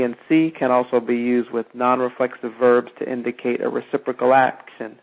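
A man teaching a spoken language lesson, repeating each example phrase slowly and now and then correcting himself. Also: medium pitch. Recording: tinny phone-like audio.

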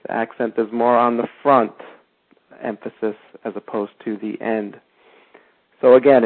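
A male teacher walks beginners through verb endings at a very unhurried pace, stressing each form with patient care. His voice sits at a middling pitch. The recording is thin and tinny, like a phone line. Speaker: language teacher. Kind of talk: slow step-by-step language lesson.

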